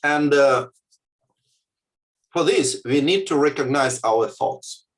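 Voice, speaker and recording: A man from the Soviet Union giving a lecture on contemplative practice and leading a guided exercise, speaking haltingly with many fillers and frequent "yeah?" check-ins. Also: mid-range voice.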